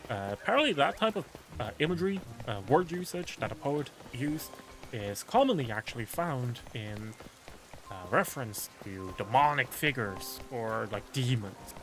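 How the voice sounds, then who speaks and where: A man's voice: mid-range voice, expressive, normal speed. A man chatting casually while streaming a game, rambling and musing aloud with lots of filler words.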